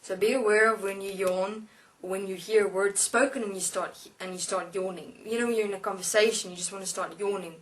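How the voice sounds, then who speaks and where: A woman giving a spiritual lecture as a channeled being, speaking slowly and deliberately with halting pauses. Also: medium pitch, fairly even intonation, a bit bright. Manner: slow, halting, deliberate instruction. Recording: voice distant from the mic.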